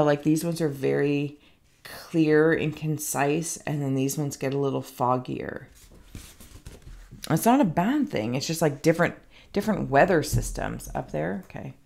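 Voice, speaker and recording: In a low-pitched, gravelly voice with a darkish tone, a psychic reader speaks at a moderate pace. Her intuitive reading is casual and rambling, as she thinks out loud with plenty of fillers and pokes fun at herself now and then.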